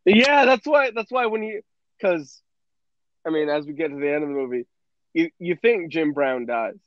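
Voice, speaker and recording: A young man with a fairly high voice tells a movie plot in loose, profane podcast chat, acting out the lines as he goes. The recording is dry and a little dull, like a home setup. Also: normal speed, no echo. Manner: animated, profane storytelling with acted-out quotes. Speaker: podcast co-host. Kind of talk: casual chat.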